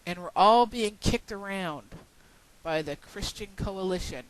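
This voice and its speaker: A woman's voice: mid-range voice, a little slow, a bit bright, rough recording. A woman ranting into a webcam at home, exasperated and sarcastic, swearing as she scolds her community. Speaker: video blogger. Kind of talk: frustrated webcam rant.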